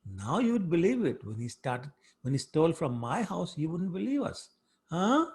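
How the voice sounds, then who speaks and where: A man's voice: on the high side, sing-song, normal speed, a little mellow, slightly rough, voice pushed up, full character voice. A man voicing teasing neighbor women who taunt a mother in a sing-song way.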